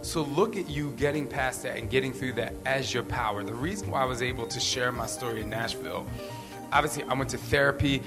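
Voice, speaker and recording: A man's voice: medium pitch, brisk, big-room sound, music in the background. A man hosting a podcast, talking candidly and earnestly in a rambling way, repeating phrases for emphasis. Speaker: podcast host. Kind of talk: candid motivational talk.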